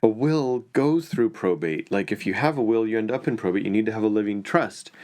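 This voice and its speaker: A man's voice: lowish voice, lively intonation, a little mellow, natural voice. A man quoting a retired accountant at dinner who firmly corrects a friend. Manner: firm, correcting, drawn-out.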